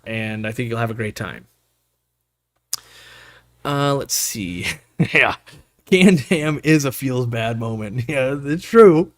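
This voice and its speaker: A man's voice: medium pitch, no room sound, clean studio sound. A man hosting a casual live stream, chatting loosely and answering the chat with fillers and slang. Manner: rambling, upbeat, lots of fillers and slang.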